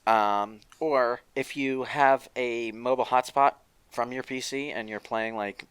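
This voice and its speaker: A man's voice: medium pitch, fairly even intonation, a little slow, a bit bright, smooth, no room sound. A man co-hosting a casual gaming podcast, talking things through in a thoughtful, hedging way. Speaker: podcast co-host.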